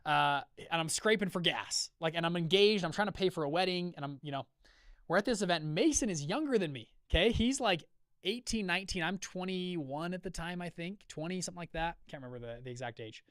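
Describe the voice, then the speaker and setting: A man hosting a live call, telling a personal business story in a conversational way, acting out quoted dialogue with lively shifts. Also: high voice, a little fast, no room sound, studio quality. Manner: energetic, acts out quoted dialogue with shifting voices; conversational, many fillers and check-ins. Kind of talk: storytelling talk to an audience.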